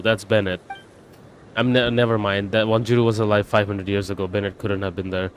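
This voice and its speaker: A man's voice: on the low side, steady tone, a little fast. A man streaming a story game, reacting bluntly and swearing in casual commentary. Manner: blunt, swears, says bro.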